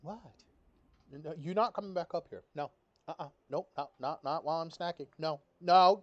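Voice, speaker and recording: A man's voice: on the high side, normal speed, dry recording, lo-fi sound. A man streaming a game, chatting casually, who swears and scolds his cat in baby talk. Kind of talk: casual live-stream chat.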